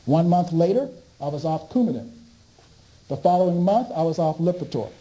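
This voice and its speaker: A man's voice: on the high side, normal speed, low-quality recording. A man giving a storytelling talk as a speaker and author, acting out his conversations with doctors and restarting his sentences. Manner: animated, acts out dialogue with doctors.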